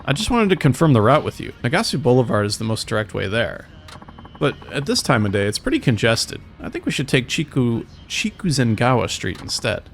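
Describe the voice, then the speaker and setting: A man's voice: mid-range voice, big pitch swings, fairly quick, vocal fry, a little hiss or hum. A man voicing a polite, formal middle-aged taxi driver in a game. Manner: courteous, formal.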